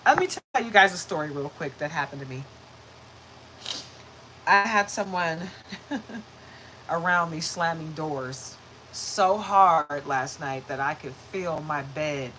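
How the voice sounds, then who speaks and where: A woman hosts a casual spiritual reading livestream, chatty and upbeat, laughing often as she thanks viewers. Her voice sits a little low but comes across bright and forceful. She keeps it friendly and conversational. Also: slight background noise, low-quality recording. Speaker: spiritual reader and livestream host.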